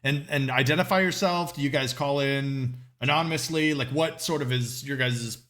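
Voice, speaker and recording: A man's voice: medium pitch, normal speed, fairly bright tone. A man running a tabletop horror game as game master, wrapping up a scene and asking the players about their plans. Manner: easygoing, prompting players with questions.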